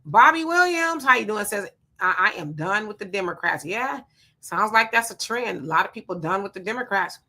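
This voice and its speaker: Woman, live-stream host, casual commentary, reads out viewer comments, bright forceful tone. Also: medium pitch, expressive, normal speed. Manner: chatty, greets commenters by name, reads comments aloud.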